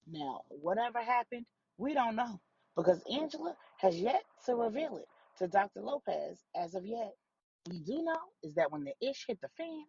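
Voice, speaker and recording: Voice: mid-range voice, slight background noise. A storyteller reads a grown-up bedtime drama in a loose, conversational voice, leaning into the tense moments. The sound is a little muffled and lo-fi. Faint ambience hums underneath the voice. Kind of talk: bedtime story narration for adults.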